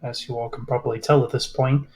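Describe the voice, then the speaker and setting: A man voicing a formal, courteous male field agent in a tabletop role-play, speaking with polite, measured phrasing. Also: medium pitch, flat delivery, a little mellow, lightly acted, poor audio. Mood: earnest. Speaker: game master voicing a character.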